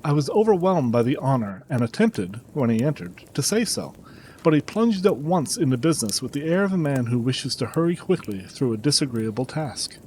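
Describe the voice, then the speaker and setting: A man's voice: mid-range voice, sing-song, a little fast, dark tone, a little hiss or hum, natural voice, poor audio. A man reading a distraught, respectable banker in an audiobook, earnest and formal in manner. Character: distraught respectable middle-aged male banker.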